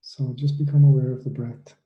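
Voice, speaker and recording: A man leading students through a guided relaxation meditation, giving soft, unhurried instructions with long pauses. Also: mid-range voice, flat delivery, highs cut off. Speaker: mindfulness coach for students. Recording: echoey room.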